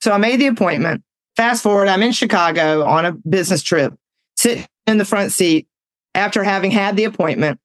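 A woman, telling personal stories in casual talk, animated and laughing often as she acts out the voices in her story. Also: medium pitch, fairly quick, no room sound. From Southern United States.

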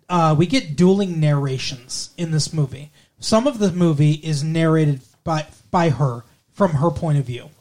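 High-voiced young man, rambling film chat. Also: a little mellow. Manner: rambling, full of fillers and restarts. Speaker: podcast co-host reviewing a film. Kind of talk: casual conversation.

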